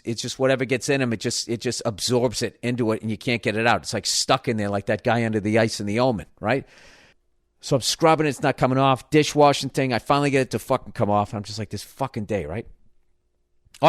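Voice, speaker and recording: A middle-aged man rants through a story on his podcast, swearing freely and sounding thoroughly exasperated. His voice sits at an ordinary middle pitch. The sound is close and dry, with no room echo. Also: fairly bright tone. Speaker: podcast host. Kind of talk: comedic podcast rant.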